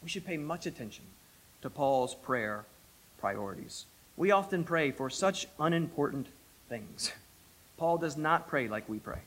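A male pastor preaching a sermon, emphatic and lively, with self-deprecating asides. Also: fairly high pitch, a little slow, low-quality recording.

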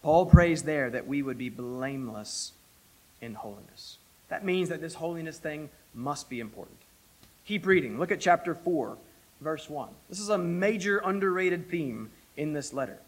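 A male pastor preaching a sermon, emphatic and lively, with self-deprecating asides. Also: fairly high pitch, normal speed, rough recording.

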